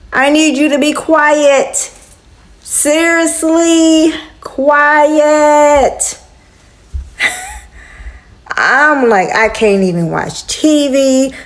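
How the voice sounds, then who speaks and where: A woman venting in a casual home vlog, exasperated and talking straight to her viewers. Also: on the high side. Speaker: vlogger. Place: apartment at home.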